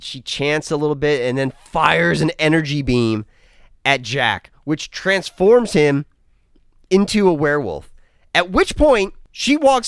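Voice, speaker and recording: A man's voice: a little high, fairly bright tone, dry recording, studio quality. A man giving a casual, rambling film review, sarcastic and swearing freely as he recaps the plot.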